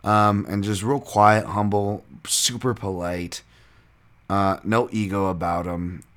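A man's voice: fairly low pitch, steady tone, takes it slowly, fairly bright tone. A man hosting a podcast, casually breaking down fight results in a loose, rambling way with lots of fillers and swearing. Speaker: podcast host and fight analyst.

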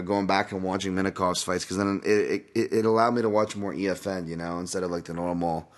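A man hosting a podcast in a casual, rambling way, swearing often and wandering off on tangents. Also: low-pitched. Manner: rambling, profane, goes off on tangents. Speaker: podcast host.

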